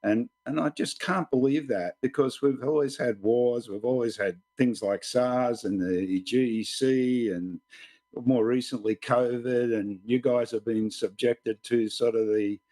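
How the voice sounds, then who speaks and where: An older man from Australia speaks with a mid-range voice as a guest columnist. He explains his views in a reflective, unhurried way, letting his sentences run long. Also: mid-range voice, mellow. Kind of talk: podcast interview answer.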